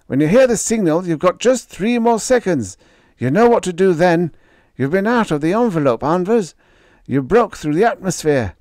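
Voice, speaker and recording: A man's voice: high-pitched, big pitch swings, moderate pace, a little mellow, no echo, studio quality, pitched above the performer's own voice. A man voicing a frantic male ground controller calling a test pilot over the radio, pressing and urgent.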